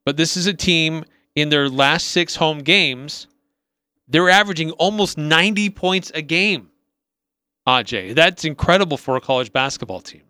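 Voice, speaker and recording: A man's voice: on the high side, normal speed, bright, forceful tone, smooth, no echo. A man co-hosting a sports talk radio show, upbeat and rattling off team stats with small restarts. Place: radio studio.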